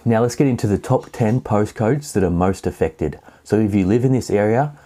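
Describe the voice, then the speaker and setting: A low, mellow-voiced man runs through property market figures in a solo video update. He reads the numbers at a steady clip and drops in the odd filler as he goes.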